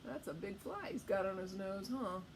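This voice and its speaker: Animated woman reading a storybook to kids. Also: medium pitch, moderate pace, slight background noise. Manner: animated, asks the listener questions. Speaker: storytime reader. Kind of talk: read-aloud storytime for children.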